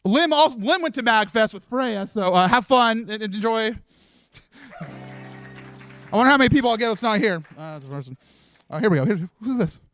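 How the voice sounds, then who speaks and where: A man's voice: high voice, expressive, fairly quick, pauses often, fairly bright tone. A man hosting a live charity event, nervously rambling and laughing as he hands out awards, with faint music behind him. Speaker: host handing out awards. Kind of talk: emotional live event speech. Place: live stream event room.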